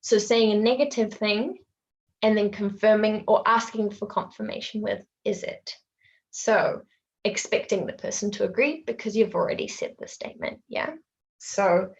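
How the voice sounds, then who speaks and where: A woman with a New Zealand accent, an English teacher giving a casual online webinar lesson and acting out example phrases in a lively voice. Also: mid-range voice, measured pace, dull audio.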